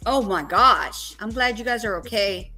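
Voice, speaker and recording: A middle-aged woman from Louisiana with a Southern accent, chatting warmly and laughing easily on a live stream video call. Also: medium pitch, expressive, moderate pace, soft background music, low-quality recording. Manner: warm, laughing, easily surprised. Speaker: livestream host. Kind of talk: casual live-stream chat.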